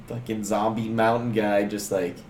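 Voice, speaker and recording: A man's voice: lowish voice, level tone, measured pace, darkish tone, roomy sound, a little hiss or hum. A man co-hosting a podcast, chatting casually and recapping scenes, swearing freely. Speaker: podcast co-host. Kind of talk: casual chat.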